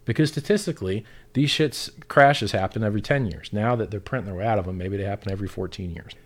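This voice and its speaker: A man's voice: fairly low pitch, fast talker. A man on a casual talk show, ranting bluntly and swearing constantly in a heated, profane way.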